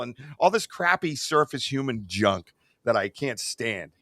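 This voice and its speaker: Excitable man with a bright, dry voice. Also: mid-range voice, normal speed, no room sound. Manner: excitable, rambling, lots of fillers. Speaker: podcast host. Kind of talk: casual podcast chat.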